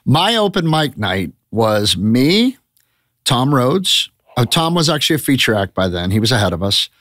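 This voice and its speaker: A man's voice: medium pitch, sing-song, moderate pace, a bit bright, no room sound, studio quality. A man in his fifties, a comedian guest telling candid stories in a casual, rambling podcast chat. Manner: candid, rambling storyteller with restarts.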